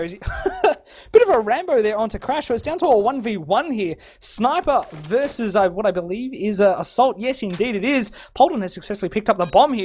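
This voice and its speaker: A man casting a live shooter match over an internet voice link, excitable, laughing often and tripping over repeated words. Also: high voice, slight background noise. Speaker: esports caster. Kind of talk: live game commentary. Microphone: home internet voice chat.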